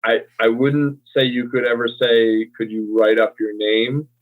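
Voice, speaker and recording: A man's voice: medium pitch, flat delivery, measured pace. An American man explaining English usage in a casual teaching chat, hesitant and full of ums as he corrects himself. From United States. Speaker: co-host and English tutor. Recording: tinny phone-like call audio.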